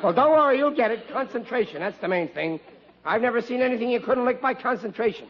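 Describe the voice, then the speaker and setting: A man's voice: very high voice, expressive, quick pace. An actor playing a blustering, bumbling working-class father in a 1940s radio comedy, stammering when flustered, on a lo-fi old broadcast.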